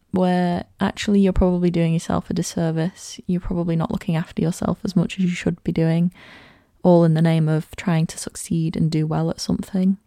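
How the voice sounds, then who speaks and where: Candid young woman, gravelly low voice. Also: warm tone, no echo, studio quality. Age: early 20s. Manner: candid and reflective, chatty with many "like" and "you know" fillers. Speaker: podcast host. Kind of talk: personal podcast monologue.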